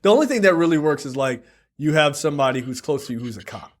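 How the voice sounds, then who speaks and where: A man's voice: fairly high pitch, lively intonation, fast talker. A man co-hosting a podcast in casual chat, laid-back and profane, laughing often as he talks. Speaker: podcast co-host.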